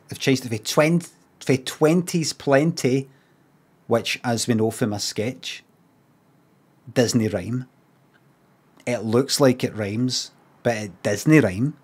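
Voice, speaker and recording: A man's voice: mid-range voice, husky. Scottish guy rambling on a stream, sweary, middle-aged, jumps into silly voices. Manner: rambling, swears freely, mocks signs in lively put-on voices. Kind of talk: casual livestream chat.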